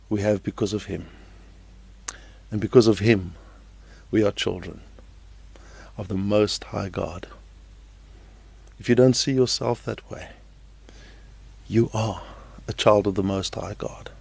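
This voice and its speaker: A man's voice: fairly low pitch, creaky, warm tone, slightly rough, dry recording. A male pastor preaching a sermon and leading prayer, earnest and repeating phrases for emphasis.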